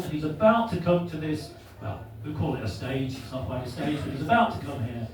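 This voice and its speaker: Compere, dry and teasing; roomy pub sound with background noise. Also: male voice, fairly high pitch, animated, a little fast, hardly any pauses, a little mellow. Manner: dry, teasing crowd work. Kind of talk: compering a comedy night. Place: small pub function room. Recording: echoey far-off pub recording with background noise.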